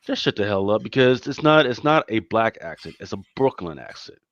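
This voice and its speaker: A man's voice: lowish voice, big pitch swings, fairly quick, fairly bright tone, no room sound. Emphatic Philly man, dull dry recording. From Philadelphia, USA. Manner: emphatic, repeats words, peppers speech with "man" and "right?". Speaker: podcast co-host. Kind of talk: casual chat.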